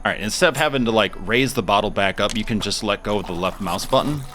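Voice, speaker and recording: A man's voice: lowish voice, fast, a bit bright, slight background noise. A man giving casual, wry commentary while playing a game, chatting to himself. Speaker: gameplay streamer.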